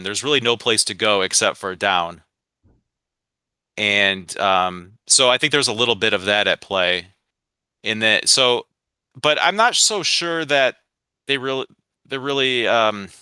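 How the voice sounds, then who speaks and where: A man's voice: on the low side, pushed and bright, smooth, no room sound. A man from the Midwest with a Michigan accent, co-hosting a sports podcast in a rambling, chatty way with many asides. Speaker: podcast co-host. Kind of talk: casual sports podcast chat.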